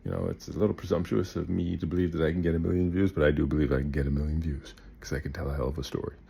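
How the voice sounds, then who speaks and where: A man telling a comic story to the camera, swinging between loud bursts and hushed asides. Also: rumbling low, flat delivery, very fast, vocal fry, breathy edge.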